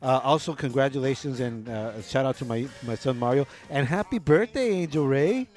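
A middle-aged man co-hosting a radio show, laid-back and laughing often, dropping Spanish phrases into casual shout-outs. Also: mid-range voice, expressive, brisk, faint music behind.

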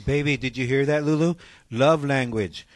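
A man co-hosting a casual talk show, joking and teasing with quick one-liners. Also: medium pitch, no room sound. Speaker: co-host. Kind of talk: casual radio chat.

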